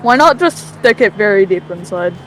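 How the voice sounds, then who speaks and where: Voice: medium pitch, lively intonation, moderate pace, fairly bright tone, a little hiss or hum, low-quality recording. Crude, mocking gamer arguing in voice chat. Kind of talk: casual game chat.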